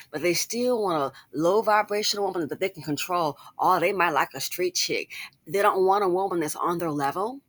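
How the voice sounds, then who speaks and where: Bright-voiced, sassy woman commentator. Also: mid-range voice, dry recording. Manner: sassy, chatty, with asides to viewers. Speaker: online commentator. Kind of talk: casual commentary.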